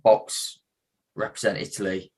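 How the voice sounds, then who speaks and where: A young man from the English Midlands with a husky voice, telling stories as a guest on a casual podcast. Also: on the low side, measured pace. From England. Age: young adult. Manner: relaxed storytelling with laughs and slang. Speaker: boxer guest.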